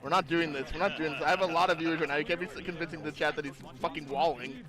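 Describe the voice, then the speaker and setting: A man's voice: a little high, steady tone, quick pace, a crowd in the background. A young man casually co-streaming a match, joking and acting out what the players might be thinking. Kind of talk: casual livestream watch-along chat. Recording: music playing behind.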